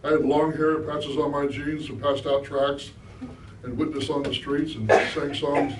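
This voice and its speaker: A man's voice: on the high side, little pitch movement, a little slow, heavy background noise. A middle-aged man giving a conversational spiritual talk to an audience, often asking them questions. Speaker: guest speaker. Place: hall with a live audience. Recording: echoey room, mic at a distance.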